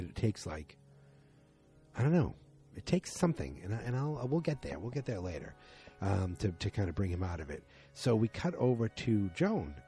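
Guy rambling thru a tv recap, low mellow voice, lots of um and like, faint music behind. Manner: rambling, filler-heavy, emotionally invested. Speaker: TV episode recapper. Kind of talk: casual episode recap.

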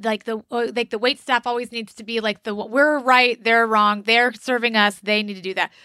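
A woman co-hosting a podcast, her bright, slightly high voice wandering through her thoughts with constant fillers. Her tone is forceful and close. There is no room sound. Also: steady tone, moderate pace, no echo. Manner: rambling, full of "like" fillers. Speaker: podcast co-host. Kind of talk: casual chat.

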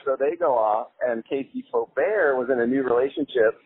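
A young man telling a casual anecdote, animated, laughing often and swearing casually, with many "like" fillers. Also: mid-range voice, moderate pace, dry recording. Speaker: storyteller. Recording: phone-like line with faint music.

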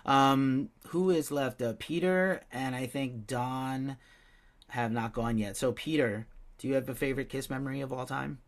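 A man's voice: mid-range voice, moderate pace. A man hosting a podcast panel, moderating with brief, easygoing prompts. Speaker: podcast host.

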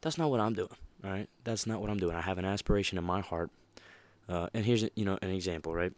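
Deep-voiced young man hosting a podcast. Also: quick pace, no room sound. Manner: animated, emphatic, laughs often. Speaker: podcast host. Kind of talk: casual motivational monologue.

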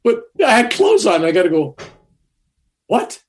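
An older man with a slightly high voice tells a personal story in a loose, rambling way. He is conversational and often restarts himself. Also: wildly swooping pitch, quick pace.

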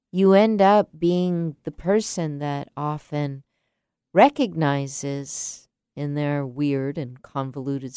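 A woman in her late fifties tells a reflective personal story, speaking slowly and softly with a low, smooth voice. The recording is dry and close, with no room sound. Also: no room sound. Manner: slow, soft-spoken and unhurried. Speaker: teacher.

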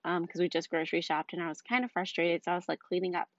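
A young mother of two small children tells a frustrated story about her day on a casual storytelling vlog, chatty and exasperated and full of "like" and "um." Her voice is fairly low and flat, and she talks fast. The recording is dull, dry and lo-fi, with no room sound.

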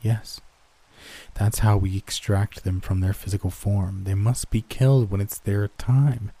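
A man voicing a calm, ageless soul-taking creature. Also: on the low side, unhurried, gravelly. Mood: solemn. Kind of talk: storybook reading.

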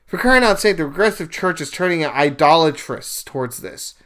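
Young male podcast host, casual storyteller, slightly high-pitched, animated delivery. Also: moderate pace. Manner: animated storyteller, paraphrases scenes in bursts of raised voice. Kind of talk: casual religious commentary monologue.

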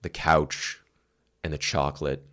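A man's voice: rumbling low, little pitch movement, measured pace, fairly bright tone. A man co-hosting a podcast, talking candidly and reflectively about his past, swearing casually. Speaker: podcast co-host. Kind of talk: candid conversational chat.

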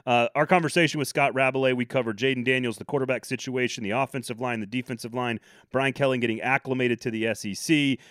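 A man's voice: medium pitch, fairly even intonation, fast, fairly bright tone, no echo, studio quality. A man hosting a sports podcast, chatting casually with opinionated, joking asides. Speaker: podcast host.

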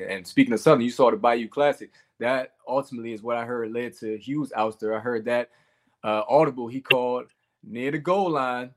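Brief: male sports show host, mid-pitched voice, laid-back conversational interviewer. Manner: relaxed, conversational, says man often. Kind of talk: casual sports talk interview.

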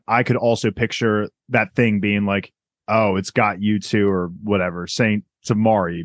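A man's voice: fairly low pitch, no room sound, studio quality. A man chatting casually on a podcast about a TV episode, swearing freely and admitting he is confused. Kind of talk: casual TV recap chat.

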